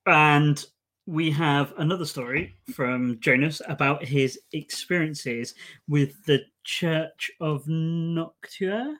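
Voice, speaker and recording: A man co-hosting a podcast, with a fairly high voice for a man. He adds short, agreeable remarks to a relaxed conversation. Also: slow. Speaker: podcast co-host. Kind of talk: casual chat.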